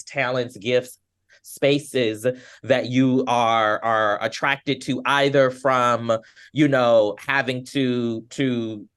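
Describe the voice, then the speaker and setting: A man's voice: mid-range voice, fairly bright tone. A man hosting a podcast, asking a guest questions in a rambling way, full of fillers and restarts. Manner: rambling, hedging with frequent fillers, speeds up when listing. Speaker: podcast host. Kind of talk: casual interview chat.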